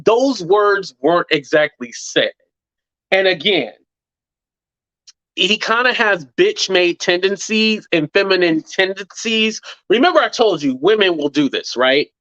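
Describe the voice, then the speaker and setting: A man's voice: sits high, measured pace, no room sound, highs cut off. A man hosting his own commentary channel, talking casually and animatedly to viewers, with profanity and acted-out quotes. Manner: animated, acts out quotes in mocking voices; profane, conversational, says "blah, blah". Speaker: YouTube commentary host.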